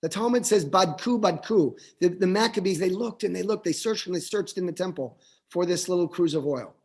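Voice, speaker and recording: A man, a rabbi, giving a reflective Hanukkah sermon over a video call, halting and restarting as he thinks. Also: sits high, a little mellow.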